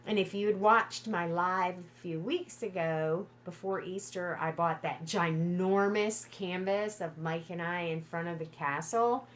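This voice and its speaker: A middle-aged woman chatting casually on a livestream from home, gushing and excitable. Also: fairly low pitch, a little slow, hardly any pauses. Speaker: livestream host.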